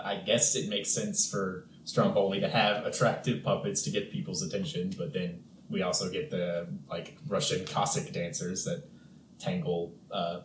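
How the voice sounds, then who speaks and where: A man co-hosting a casual film podcast, talking in a relaxed, chatty way and briefly acting out characters' lines. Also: low-pitched. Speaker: podcast co-host. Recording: roomy sound with faint background hiss.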